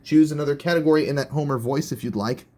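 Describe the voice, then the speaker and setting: A man's voice: on the high side, fast talker, warm tone. A man hosting a homemade quiz show parody, using playful, teasing host patter.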